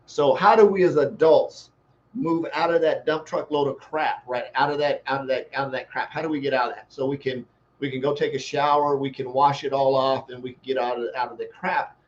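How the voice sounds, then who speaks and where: A man's voice: medium pitch, steady tone, brisk, highs cut off, slight background noise. A man giving a motivational talk as a life coach, telling a folksy, rambling story built on homespun analogies.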